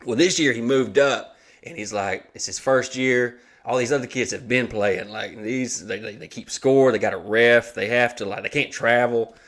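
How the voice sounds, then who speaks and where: A man hosting a comedy podcast, telling stories in a loose, profane and animated way, often laughing. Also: mid-range voice, normal speed. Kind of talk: casual comedic storytelling.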